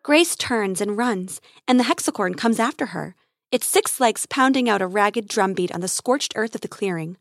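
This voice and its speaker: A woman narrating a children's space adventure story in a lively, expressive read-aloud manner. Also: mid-range voice, moderate pace, dry recording, clean studio sound.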